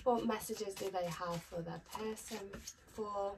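A woman's voice: mid-range voice, steady tone, measured pace. A woman chatting casually to camera as a tarot reader, upbeat with frequent ums. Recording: distant mic with faint noise.

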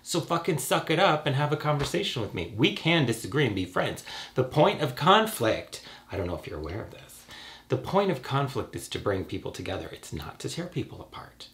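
Casting note: young man, mid-pitched, stuffy with a cold, sarcastic and sweary vlog ranter. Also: fairly quick. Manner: sarcastic, profane, animated ranting. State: has a cold. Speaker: YouTuber. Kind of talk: ranting casual vlog.

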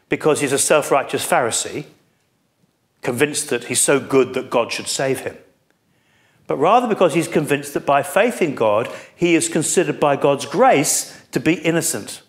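Earnest male preacher, slightly high voice. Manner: earnest, expository, asks the listeners questions. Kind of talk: sermon.

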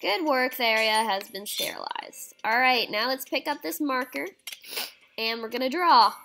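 A woman's voice: sits high, moderate pace, fairly bright tone, faint music behind, low-quality recording. A young woman playing a surgery game, chatting casually, reading prompts aloud and reacting with squeamish exclamations. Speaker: game streamer. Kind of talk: casual let's-play commentary.

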